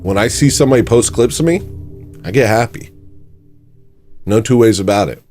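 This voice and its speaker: A man hosting a comedy livestream, rambling and self-mocking as he swings between mock panic and low mumbles. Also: normal speed, a little mellow, soft background music. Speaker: livestream host. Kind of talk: casual comedic livestream chat.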